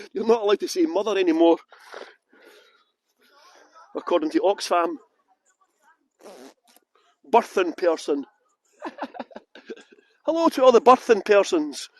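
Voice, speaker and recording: Scottish guy doing a live tour stream outside, high bouncy voice, chatty and joking around. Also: expressive, slow, long pauses, dry recording. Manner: jokey, greets viewers by name, self-mocking banter. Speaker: tour guide. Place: outdoors in a botanical garden.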